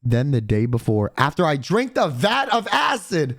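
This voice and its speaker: Young male streamer, congested and gravelly, profane and animated. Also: on the high side, normal speed, dry recording, clean studio sound. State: congested, deepened voice from throat mucus. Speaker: livestreamer. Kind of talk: casual stream chat.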